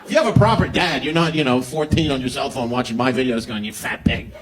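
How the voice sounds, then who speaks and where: A man's voice: mid-range voice, animated, fast. A man doing a stand-up comedy set, crude and mocking, swearing often. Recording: noisy live show recording.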